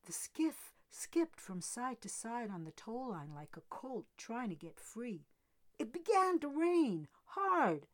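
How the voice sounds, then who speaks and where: A woman giving an expressive first-person reading from a novel, with dramatic rises and drops. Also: fairly high pitch, slow pace. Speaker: reader. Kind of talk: scripted narration of a novel.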